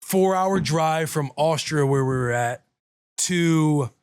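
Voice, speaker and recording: A man's voice: a little high, slow pace, smooth, no room sound. A man in his thirties, a podcast host, animatedly telling a story in casual chat and acting out the people in it. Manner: animated, profane, quotes people in dialogue.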